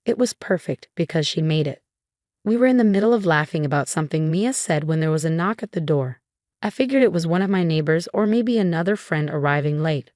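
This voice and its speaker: A young woman tells a dramatic first-person story with steady, scripted delivery. Her voice sits on the low side, and the recording is dry and close, with no room sound. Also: a little fast, dry recording. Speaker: story narrator.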